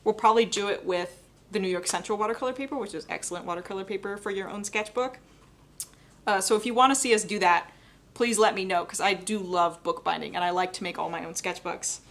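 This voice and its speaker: A young adult woman giving a live painting demonstration, talking quickly and chattily and laughing often. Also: mid-range voice, steady tone, fairly bright tone. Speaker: painting instructor.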